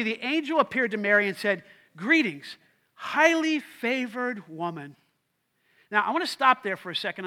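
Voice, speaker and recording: A man preaching a sermon to his congregation with a high voice. His tone is bright and ringing. He presses his key lines by repeating them and calls on the listeners to speak back to him. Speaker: pastor.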